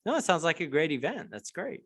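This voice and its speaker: A man as a guest in a casual chat, talking earnestly and reflectively with halting restarts. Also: on the high side, big pitch swings, a bit bright, slightly rough. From United States.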